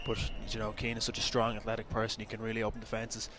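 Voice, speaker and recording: An Irish man giving quick, analytical co-commentary on a live hurling match. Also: fairly low pitch, completely flat delivery. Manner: fast, analytical with fillers. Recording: noisy outdoor stadium feed.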